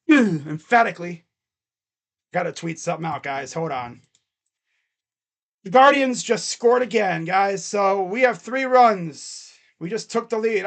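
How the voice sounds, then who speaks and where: A man calling live fan play-by-play, jumping to shouts on big plays and dropping to muttered asides between them. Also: sits high. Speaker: fan commentator.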